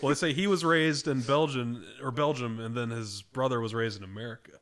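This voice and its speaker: A man's voice: mid-range voice, a little fast. A man co-hosting a movie podcast, retelling scenes with energy, swearing and laughing. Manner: animated retelling, profane, laughing. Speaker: podcast co-host. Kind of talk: casual movie review chat.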